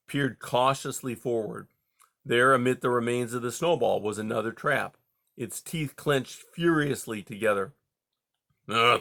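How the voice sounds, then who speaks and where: A man narrates a children's story in a steady, measured way. His voice is bright and crisp, with some gravelly fry. The pitch sits in a middle range for a man. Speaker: audiobook reader.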